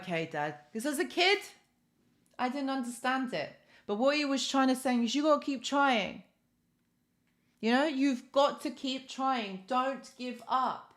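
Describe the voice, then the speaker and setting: A woman hosting a live stream, giving encouraging motivational talk and thanking viewers by reading their comments. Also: sits high.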